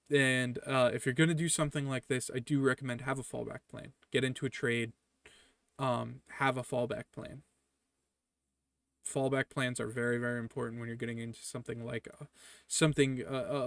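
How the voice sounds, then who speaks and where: A man's voice: medium pitch, a bit bright, no echo. Casual young guy rambling through advice, lots of ums, sounds kinda far from the mic. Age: young adult. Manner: rambling, many fillers and restarts. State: yawning. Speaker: vlogger.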